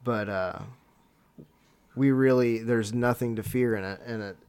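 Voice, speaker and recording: A man's voice: medium pitch, steady tone, unhurried, darkish tone, clean tone. A man in casual religious discussion, reflective and searching for words.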